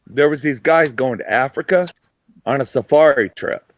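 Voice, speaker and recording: A man in casual chat who tells a joke, animated and laughing at himself. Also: mid-range voice, moderate pace, dry recording, dull audio.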